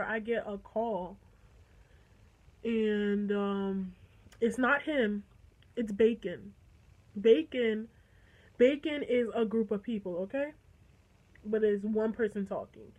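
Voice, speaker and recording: Teen girl vlogger, a bit high-pitched, animated storyteller who quotes everyone and swears. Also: rough recording. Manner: chatty, animated retelling with quoted dialogue and swearing. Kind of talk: casual storytime.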